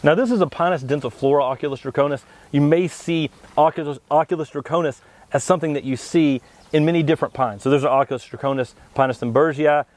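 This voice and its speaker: A man co-hosting a plant show, explaining tree varieties in a steady, knowledgeable way. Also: on the high side, fast talker. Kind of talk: informative product talk.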